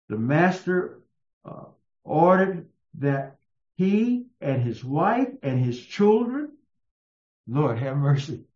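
A man preaching a sermon in a slow, emphatic storytelling manner. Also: darkish tone. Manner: slow, emphatic storytelling with raised-pitch quotes. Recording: echoey, muffled room sound.

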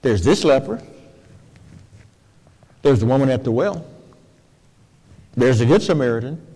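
A man preaching a sermon, folksy and expressive, dropping to soft low phrases and jumping to high, emphatic ones. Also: a little slow, breathy edge. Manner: folksy, colloquial asides. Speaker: pastor. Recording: long hall reverb.

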